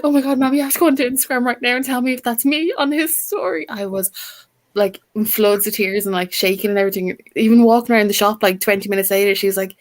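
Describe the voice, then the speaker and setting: A woman's voice: medium pitch, fast. A young woman on a livestream gushing through a personal story, acting out quotes in dramatic whispers and squeals. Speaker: stream co-host.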